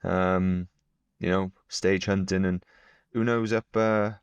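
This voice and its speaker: Deep-voiced man, blunt casual chat. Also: level tone, slow pace, clear, resonant tone, no echo, muffled recording. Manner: blunt, chatty, wry opinions. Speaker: podcast co-host, pro cyclist.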